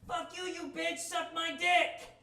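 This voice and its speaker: A woman's voice: level tone, unhurried, gravelly, pushed and bright, reverberant, recorded from a distance, exaggerated voice. A male comedian voicing a foul-mouthed, cranky old grandmother who shrieks insults. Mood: screaming. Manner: shrill screaming insults.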